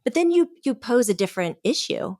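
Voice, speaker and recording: A woman's voice: on the high side, very animated, brisk, a little mellow, no room sound, studio quality. A middle-aged woman guest telling a story in casual chat, laughing often and acting out the people she quotes. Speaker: podcast guest, medium.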